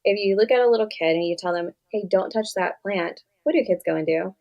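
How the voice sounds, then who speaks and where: Brief: young woman therapist, quick chatty delivery with a touch of vocal fry, acts out client exchanges. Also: medium pitch, dull audio. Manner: animated storyteller acting out client dialogue. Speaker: therapist guest. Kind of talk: casual conversational interview.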